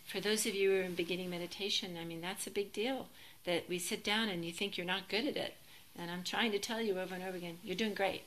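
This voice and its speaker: A woman teaching as a Zen teacher in a relaxed, reflective dharma talk, gently self-deprecating and sometimes laughing. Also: mid-range voice, quick pace, few pauses, a little hiss or hum, rough recording.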